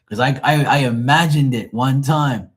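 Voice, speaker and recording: At a medium pitch and moderate pace, a man tells late-night stories on his live tarot stream. He rambles and swears, frequently laughing at what he's just said.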